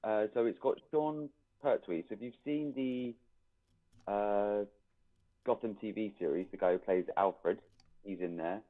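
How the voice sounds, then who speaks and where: A man's voice: fairly low pitch, measured pace. A man who is a guest on a casual podcast explains things at length in a hesitant way. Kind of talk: casual chat. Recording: tinny phone-like remote line, distant.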